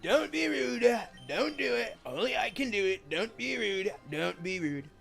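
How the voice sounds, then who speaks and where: A man doing a loud taunting politician at a rally. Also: sits high, animated, unhurried, creaky, faint music behind, voice pushed up, exaggerated voice. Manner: shouting, taunting.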